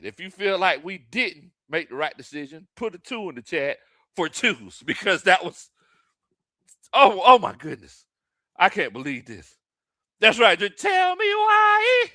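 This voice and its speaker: A man hosting live watch-party commentary, excitable and often shouting and laughing. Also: sits high, dry recording, clean studio sound. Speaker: sports livestream host.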